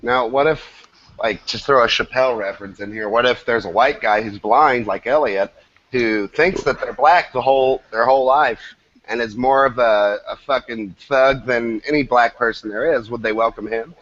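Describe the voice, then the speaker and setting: A man's voice: mid-range voice, moderate pace, a bit bright. A blunt, wisecracking man joining a casual podcast chat. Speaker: podcast co-host. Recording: dull lo-fi sound with faint noise.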